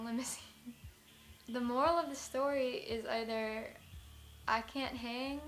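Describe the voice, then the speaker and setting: A woman's voice: a little high, a bit bright. A young American woman in a casual vlog, telling a story in a rambling, self-mocking way, full of "like". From United States. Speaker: vlogger.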